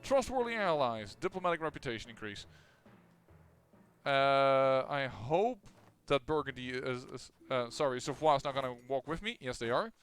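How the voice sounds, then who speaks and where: A man's voice: mid-range voice, big pitch swings, normal speed, clear, resonant tone, faint music behind. A man casually commenting on his own strategy game as he plays, thinking aloud with lots of fillers and restarts. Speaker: gameplay commentator.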